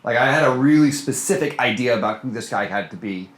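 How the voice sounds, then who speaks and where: A man's voice: mid-range voice, quick pace. Man, film director, casual interview chat, filler-heavy, echoey room. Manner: animated, many fillers and restarts. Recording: roomy echo.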